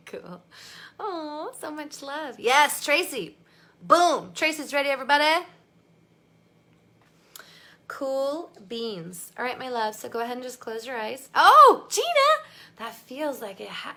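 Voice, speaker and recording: A woman's voice: medium pitch, fairly bright tone. A woman coaching a live online workshop, bubbly and effusive, reading out viewers' comments and laughing often. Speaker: life coach.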